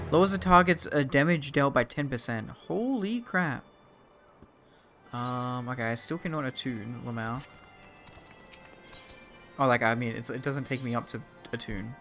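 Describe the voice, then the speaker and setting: A young Australian man with a bright, forward voice talks casually over his game stream. He is chatty and self-mocking as he answers chat, with faint music under him. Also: medium pitch. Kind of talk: casual gaming commentary.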